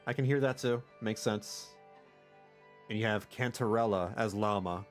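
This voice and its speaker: A young man casually commenting on a game while livestreaming, with chatty, animated reactions. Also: on the low side, moderate pace, faint music behind. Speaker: streamer.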